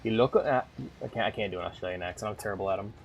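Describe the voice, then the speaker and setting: A man streaming a game, rambling and swearing freely as he thinks out loud between moves. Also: fairly low pitch, very fast, dull audio. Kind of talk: casual gameplay commentary.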